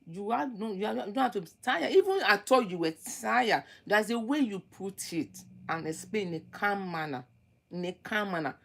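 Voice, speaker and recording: A woman giving relationship advice in an emphatic, preachy way, repeating her points and swinging between loud outbursts and low muttering. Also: animated, normal speed. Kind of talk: lecturing advice monologue.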